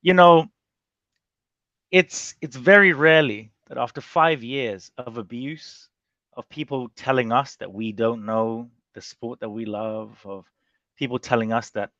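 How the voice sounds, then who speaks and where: A man's voice: mid-range voice, a little slow, no room sound, highs cut off. A man talking casually and animatedly as a panelist on a boxing chat show, often restarting his sentences. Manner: animated, rambling, with many restarts.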